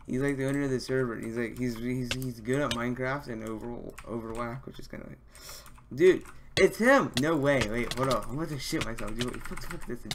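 A young man live-streaming a game, talking casually and excitedly, swearing a lot as he fanboys over another player. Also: medium pitch, fast talker, hardly any pauses, slight background noise. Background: keyboard typing and mouse clicks.

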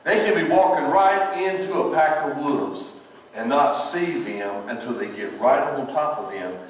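Middle-aged southern pastor cracking jokes in a sermon, kinda high voice, echoey church from far off. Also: male voice, unhurried. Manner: folksy, laughs often, repeats words. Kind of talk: humorous sermon. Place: church sanctuary.

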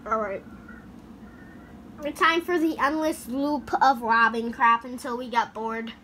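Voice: medium pitch, steady tone, measured pace, bright, forceful tone, slight background noise. A gaming YouTuber giving goofy, chatty commentary over gameplay, talking into a headset mic. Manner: chatty, goofy, makes sound effects.

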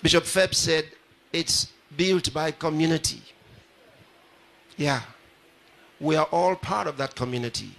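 A man's voice: on the high side, a little slow, creaky, long pauses, a bit bright. A pastor addressing a live audience at a ceremony, repeating his phrases and putting questions straight to the crowd. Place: large ceremony hall.

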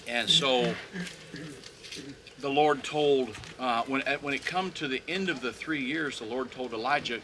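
Man, bright sharp voice, lively Bible storytelling, faint outdoor ambience behind. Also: mid-range voice, a little slow, slight background noise. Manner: acts out the quoted speakers, with frequent restarts.

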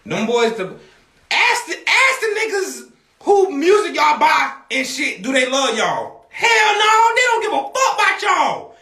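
A man hosting a livestream, talking casually to his viewers in a loud, rambling, profane way and often shouting. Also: extremely high pitch, huge pitch swings, a little slow, roomy sound.

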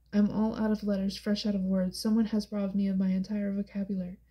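A woman narrating a novel in the first person, with a steady, subdued and introspective delivery. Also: medium pitch, quick pace, few pauses, poor audio. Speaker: audiobook narrator.

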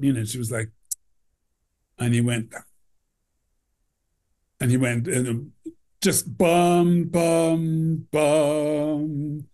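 A man, a costume designer, telling backstage stories in an interview, rambling with many "you know"s and acting out quotes. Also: a little high. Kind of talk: anecdotal interview storytelling.

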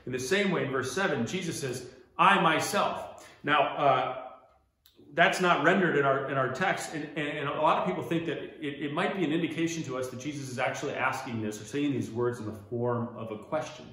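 A man's voice: mid-range voice, brisk, fairly bright tone. American guy doing bible study in a church room, chatty, lots of restarts, really echoey. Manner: conversational, explains with a map, many restarts. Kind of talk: casual Bible study lesson.

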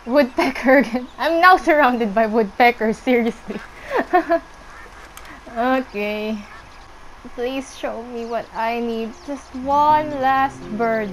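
A young woman casually commenting on her gameplay, chatting to the animals on screen and squealing when excited. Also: fairly high pitch, slow pace, a little hiss or hum, poor audio. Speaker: gameplay streamer.

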